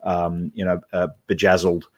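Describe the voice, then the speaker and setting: A man's voice: deep voice, level tone, normal speed. A man co-hosting a casual live-stream show, wry and teasing as he runs through lists. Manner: wry, list-making, teasing. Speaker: podcast co-host.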